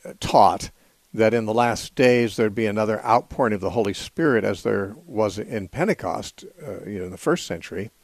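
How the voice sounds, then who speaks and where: A man hosting a call-in radio show, answering callers in a measured, thoughtful way with frequent fillers. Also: lowish voice, dry recording. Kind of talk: call-in radio Bible teaching.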